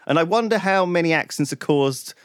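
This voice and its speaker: A man from the UK, chatting casually as a podcast host, telling stories in an animated way, swearing often and leaning on "like" and "right?". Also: a little high, a little fast, clear, resonant tone, dry recording, studio quality. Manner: animated storytelling, heavy swearing, lots of "like" and "right?". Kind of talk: casual chat.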